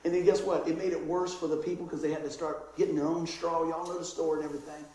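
A man preaching a lively, joking sermon and acting out voices. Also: on the high side, quick pace. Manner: animated, joking, acts out voices. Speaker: pastor. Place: church hall. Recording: echoey church room, distant mic.

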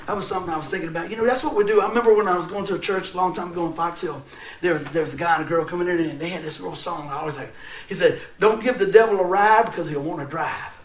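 A man's voice: high voice, racing, roomy sound, a little hiss or hum. A man preaching a sermon, telling a funny personal story and laughing often as he goes. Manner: animated, laughing through funny stories. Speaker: pastor.

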